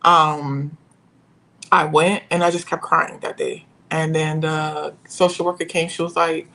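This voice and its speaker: A young woman telling a painful personal story as a podcast guest, pausing and searching for her words. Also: low voice, little pitch movement, pushed and bright, low-quality recording.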